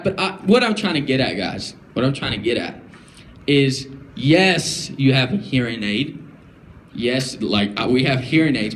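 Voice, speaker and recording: A young man talks to a room of students at a school, loose and conversational, circling back with "you know" and restarts. His voice sits a bit high for a man, and he keeps turning questions to the audience. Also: a little hiss or hum. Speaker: guest speaker. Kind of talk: casual motivational talk to students. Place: school classroom or hall.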